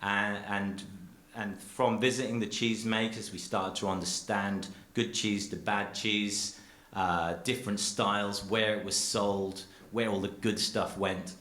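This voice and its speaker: A dairy farmer and cheesemaker giving an earnest, rambling public talk full of restarts, speaking from a theatre stage. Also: male voice, fairly low pitch, level tone, a little slow, a bit bright, roomy sound.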